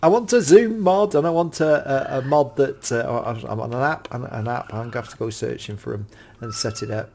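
A middle-aged man, gasping and gushing with excitement while commenting on a game at home. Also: mid-range voice, fairly quick, creaky, a little hiss or hum. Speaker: Minecraft YouTuber showcasing mods. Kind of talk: casual gameplay commentary.

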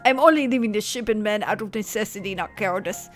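Woman doing a put-on accent for a gruff older seaman, dramatic audio-log read. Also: mid-range voice, fast talker, faint music behind, natural voice.

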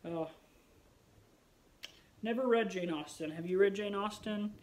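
A man's voice: high-pitched, measured pace, low-quality recording. A man vlogging in a casual chat to the camera, rambling and musing aloud with wry, self-mocking humor.

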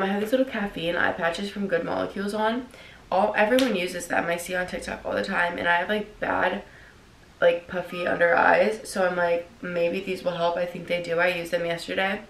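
A woman's voice: lowish voice, creaky, slight background noise. Chatty young woman vlogging on a phone. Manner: chatty, rambling, laughs often. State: out of breath. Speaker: lifestyle vlogger. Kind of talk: casual vlog chat to camera.

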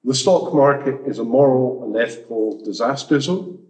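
A man's voice: medium pitch, moderate pace, darkish tone, rough recording. A man giving an informal talk at a community education event, rambling with restarts and jokey asides.

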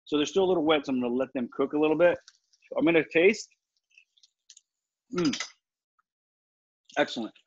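A man's voice: fairly high pitch, normal speed, long pauses, slightly rough, dry recording. A man teaching a live online cooking class, chatty and confident, explaining each step as he cooks and answering questions. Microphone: video call. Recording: slightly dull video-call audio with faint noise.

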